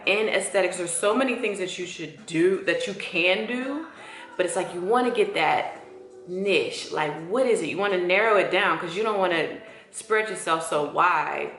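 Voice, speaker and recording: A woman speaks in a casual, heartfelt, chatty vlog voice, excited as she talks to viewers. Her voice sits a little low for a woman. The sound bounces around an echoey room, with faint music underneath. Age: 40s. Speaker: esthetician. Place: her empty new salon studio.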